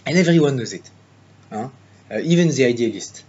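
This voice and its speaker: A man's voice: medium pitch, lively intonation, fairly quick, darkish tone, lightly acted. A smug Frenchman with a thick French accent holds forth in a pompous, mocking speech, as a man puts him on. He lectures his listeners as a chauvinist speechmaker. The recording is slightly dull, with a faint hum behind it. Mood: smug, lecturing. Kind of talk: mock speech for interpreting practice.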